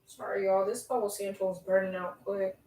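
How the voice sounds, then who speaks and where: A young woman hosting a casual livestream from home, reading viewer comments and chatting, with a strong voice that has some bass to it. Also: level tone, brisk, darkish tone, far from the mic. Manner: chatty, reads viewer comments aloud, laughs often. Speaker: livestream host. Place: room at home. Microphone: laptop mic. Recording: echoey room, talking from off the laptop mic.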